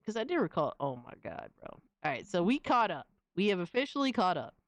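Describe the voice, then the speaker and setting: A woman's voice: on the low side, very animated, fairly quick, no room sound. A young woman streamer reacting casually to fan images, slangy and exclamatory, often laughing.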